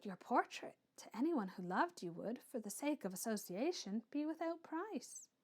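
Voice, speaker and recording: A woman reading an audiobook and voicing a proud, earnest young woman who speaks softly and with quiet fervour. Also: a little high, very animated, moderate pace, slightly rough. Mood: gentle.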